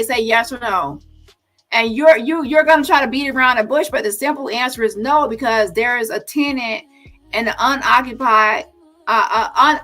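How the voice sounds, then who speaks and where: A woman hosting a commentary stream confronts her viewers heatedly, challenging them and calling them "y'all." Her voice is a little high and a bit bright, and the audio quality is poor.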